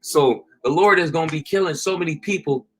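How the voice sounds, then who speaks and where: Slangy man preaching, a bit high. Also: a little fast, husky. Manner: casual slang, repeats "you know" and "okay". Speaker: street preacher. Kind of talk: informal preaching monologue.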